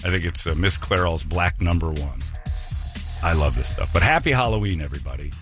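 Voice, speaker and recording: Lively joking male radio host. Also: sits low, a little fast, music in the background. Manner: joking, laughs often, breaks into impressions. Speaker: radio morning show host. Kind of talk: casual radio banter. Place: radio studio. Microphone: studio microphone.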